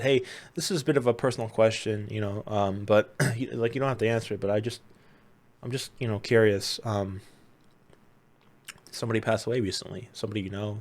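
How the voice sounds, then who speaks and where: Male host, mid-pitched, chatty and earnest, emphatic storyteller. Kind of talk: casual storytelling to camera.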